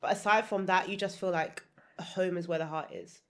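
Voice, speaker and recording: A woman with a slightly low voice talks through property investing as a podcast guest. She lays out her points as lists and keeps tagging them with "right?" and "exactly". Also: steady tone, moderate pace, fairly bright tone. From United Kingdom. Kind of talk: podcast interview.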